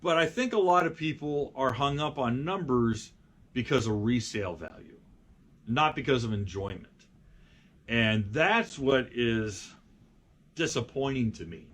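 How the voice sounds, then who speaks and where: A middle-aged man hosting a car show, casually telling a story to camera with many fillers and restarts, and lively when he quotes people. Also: mid-range voice. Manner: rambling, frequent fillers and restarts, animated when quoting people. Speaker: magazine editor and show host.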